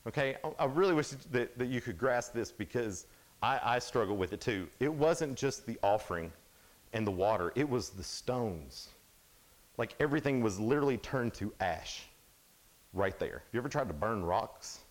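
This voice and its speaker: A man preaching to a youth crowd, retelling a Bible story with lively swings in pitch and volume. His delivery is casual and chatty, peppered with "like" and quick asides to the listeners. His voice sits in a middle pitch for a man. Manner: animated, casual storytelling with many "like"s. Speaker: youth speaker. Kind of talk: sermon.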